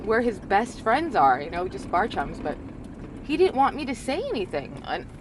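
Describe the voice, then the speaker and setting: A woman's voice: mid-range voice, sing-song, normal speed, background noise. A woman in her thirties telling a personal story in a candid, rambling way, full of filler likes. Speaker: vlogger.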